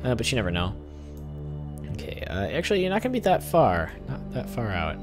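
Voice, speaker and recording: With game music running beneath him, a young man narrates a let's play in a brisk, mid-range voice that swings hugely in pitch. He rambles chattily and plugs any gap with asides.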